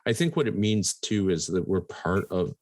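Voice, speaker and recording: A man's voice: sits low, big pitch swings, normal speed, darkish tone, no echo. A man co-hosting a podcast, chatting casually, swearing and laughing often. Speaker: podcast co-host. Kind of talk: casual chat.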